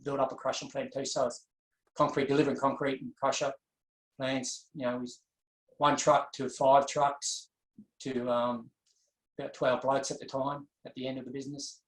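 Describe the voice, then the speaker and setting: A man telling his personal story as an interview guest, earnest and reflective, pausing and restarting as he goes. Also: mid-range voice, flat delivery. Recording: echoey room.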